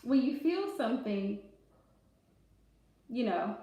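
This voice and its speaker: A woman's voice: on the high side, very animated, slow, warm tone. A woman telling a personal story in casual chat, candid and emphatic, repeating her key phrases. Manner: straightforward, candid. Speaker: vlogger. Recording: very echoey room.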